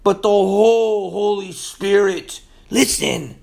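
A man preaching a sermon in a casual, slangy way, swinging from loud emphasis to hushed asides. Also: high-pitched, slow, vocal fry.

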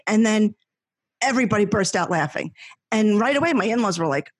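Middle-aged woman, guest, husky voice, dry close sound, animated rambling storyteller. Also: mid-range voice, brisk, no echo. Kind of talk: casual chat.

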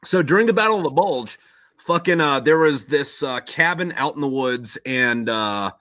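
A man's voice: fairly high pitch, animated, normal speed, bright, forceful tone, no room sound. A young man in casual podcast chat, telling a long story in a rambling way, swearing constantly and loosely acting out quotes.

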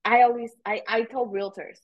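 A woman realtor chatting in a casual interview, telling animated stories and swearing casually. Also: a little high, normal speed, dull audio. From United States. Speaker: realtor guest.

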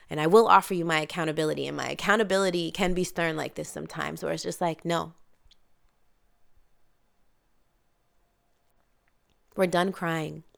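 Gravelly-voiced woman giving a motivational pep talk. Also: fairly low pitch, a bit bright. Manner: candid, emphatic, swears casually. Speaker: podcast host and wellness coach. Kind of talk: casual motivational monologue. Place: home near the Caribbean.

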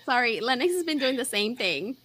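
A woman chatting casually on a podcast, giggly, with soft asides. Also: fairly high pitch, very animated, a little fast, a crowd in the background. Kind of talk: casual chat.

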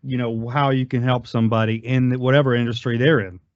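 A man's voice: medium pitch, steady tone, brisk, no echo, muffled recording. A man hosting a podcast interview, encouraging his guest with short affirmations and follow-up questions. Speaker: podcast host.

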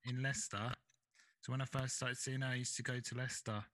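A man's voice: mid-range voice, level tone, quick pace, a crowd in the background, rough recording. A man hosting a podcast in casual chat, speaking in a laid-back way and often asking "do you know what I mean?". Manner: laid-back, chatty, asks for agreement. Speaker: podcast host.

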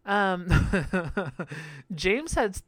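A man's voice: high voice, sing-song, extremely slow, a bit bright, dry recording. A man giving casual episode commentary on a reality show, sassy, crude and gossipy, laughing often.

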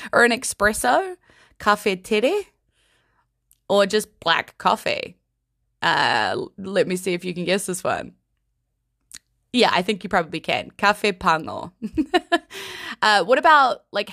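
Slow, giggly woman with a creaky voice. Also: medium pitch, big pitch swings, sharp tone, no room sound, studio quality. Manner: playful, giggly, unhurried. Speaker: language teacher. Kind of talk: casual vocabulary lesson.

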